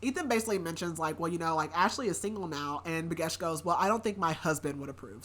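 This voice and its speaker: A woman's voice: on the low side, fairly bright tone. A woman hosting a book podcast, casually recapping a story in a rambling way with many filler words.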